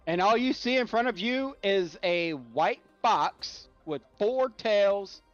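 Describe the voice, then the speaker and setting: A man's voice: high-pitched, expressive, slow, dry recording, lo-fi sound, faint music behind. A man playing at a tabletop game, giggly and teasing in casual chat. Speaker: player.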